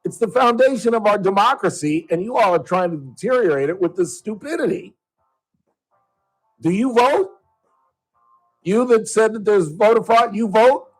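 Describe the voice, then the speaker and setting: Talk radio host, male. Heated sarcastic ranter with a high, very lively voice. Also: normal speed, pauses often, faint music behind, poor audio.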